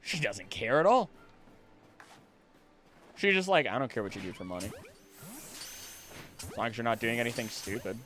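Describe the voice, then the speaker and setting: Animated male streamer chatting casually. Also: mid-range voice, moderate pace, long pauses. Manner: animated, jokey, reads chat aloud. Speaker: streamer and voice actor. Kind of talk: casual livestream chat.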